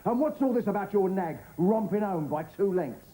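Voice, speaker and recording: A man's voice: high voice, lively intonation, moderate pace, roomy sound, heavy background noise. A middle-aged man playing a stern, probing father and boss in a sitcom. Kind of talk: sitcom acting.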